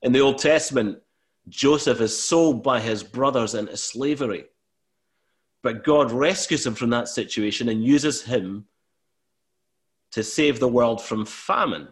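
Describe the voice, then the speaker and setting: An earnest male preacher delivering a sermon at a middle pitch. He speaks with conviction and builds to emphatic, lifted passages before settling back down. His delivery is that of a pastor addressing a congregation. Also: a little slow. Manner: earnest, rising to emphatic bursts when voicing God.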